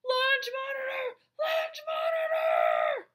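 A woman voicing a frantic young schoolboy who shouts warnings at the top of his voice. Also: very high-pitched, huge pitch swings, slow, pitched above the performer's own voice, heavily acted. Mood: frantic shouting.

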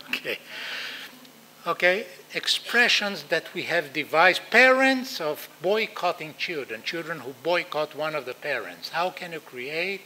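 Older male lecturer, Israeli accent; lively, bright delivery. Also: fairly high pitch, a little slow, slight background noise, rough recording. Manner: animated, acts out quoted voices, non-native phrasing. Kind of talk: lecture to practitioners.

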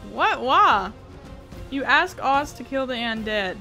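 A high, bright female voice reads out a text adventure and breaks off to react, laughing often and swearing in disbelief. Her tone is sharp and her pitch sits well above most women's. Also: expressive, slow pace, faint music behind. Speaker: gaming YouTuber.

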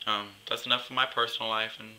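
Bright young guy ranting casually in a gossipy vlog, does voices for quotes. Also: lowish voice, flat delivery, fast, slight background noise, rough recording. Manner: chatty, gossipy, acts out quotes. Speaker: vlogger.

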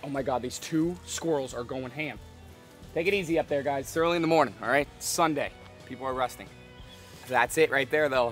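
A man's voice: mid-range voice, sharp tone. A young man vlogging a fishing trip outdoors by a canal, talking to an action camera and exclaiming often. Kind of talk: excited outdoor fishing vlog.

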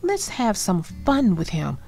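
A woman's voice: medium pitch, huge pitch swings, slow pace, creaky, dark tone, full character voice. A woman voicing a chorus of mischievous freight cars in a storybook, mocking and sing-song. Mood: teasing.

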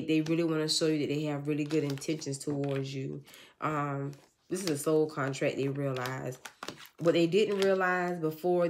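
A tarot reader giving a channeled love reading in a casual, earnest, repetitive way, often speaking for an unseen person. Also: medium pitch. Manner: casual, informal.

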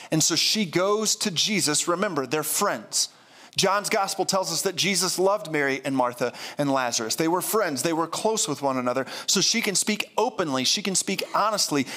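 A pastor preaching a sermon in an earnest, candid way, often repeating and restarting phrases. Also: male voice, sits high, bright, forceful tone.

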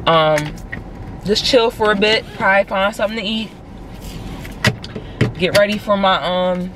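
A young woman from Philadelphia with a Philly accent, telling a story in a casual, animated vlog from her car and saying "like" a lot. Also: lowish voice, slight background noise. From Philadelphia, USA. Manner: animated, chatty, heavy use of "like". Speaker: vlogger.

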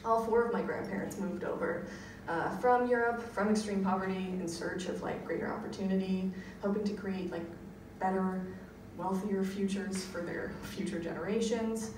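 An American woman doing a stand-up comedy set, acting out characters in quick wry bursts. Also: mid-range voice, fairly even intonation. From United States. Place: comedy venue in a bunker with a laughing audience. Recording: echoey room, mic far off, loud crowd noise.

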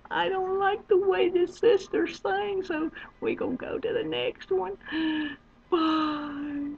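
A woman rambling to her webcam, drawling and swinging from low mutters to loud squeals. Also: steady tone, slow pace, creaky. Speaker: webcam vlogger. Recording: dull lo-fi webcam audio.

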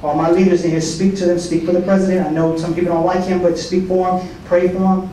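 A high-voiced man preaching at a prayer breakfast in a folksy, joking way. He acts out the voices of people he quotes. His voice is picked up from a distance and echoes around a big hall over faint noise. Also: level tone, fast talker. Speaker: soldier giving a prayer breakfast talk. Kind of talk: sermon.

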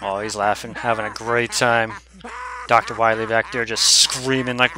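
A man giving excitable, playful commentary on his own fighting-game play, yelling at opponents and laughing often. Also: medium pitch, unhurried. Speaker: gaming streamer. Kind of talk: live gameplay commentary. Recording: game music playing behind the voice.

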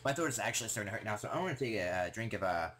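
A young man rambling casually in a vlog, excitable and full of fillers. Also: fairly low pitch, very fast, slight background noise. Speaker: gaming vlogger.

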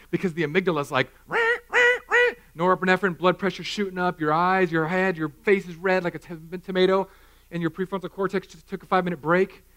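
A man in his thirties preaching a sermon in a church, animated and self-mocking, acting out little scenes. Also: a little high. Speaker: pastor. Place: church hall.

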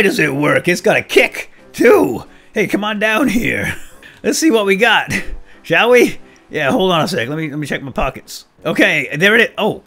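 Goofy excitable man narrating gameplay. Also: medium pitch, normal speed, faint music behind. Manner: goofy, talks to himself and his vehicle, sudden excited yelps. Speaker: gaming let's-play host. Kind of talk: playful gameplay commentary.

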